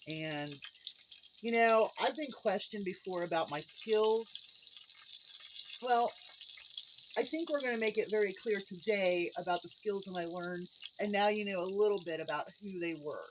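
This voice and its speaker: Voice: mid-range voice, normal speed. Earnest home vlogger talking in a kitchen. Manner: chatty, rambling, earnest. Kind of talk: casual vlog talk while cooking. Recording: dull audio with running tap and kitchen noise.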